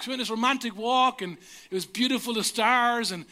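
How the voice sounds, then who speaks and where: A man's voice: extremely high pitch, fairly quick, pushed and bright. An Irish man in his thirties preaching a sermon, telling humorous, self-mocking personal stories. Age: 30s. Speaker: pastor.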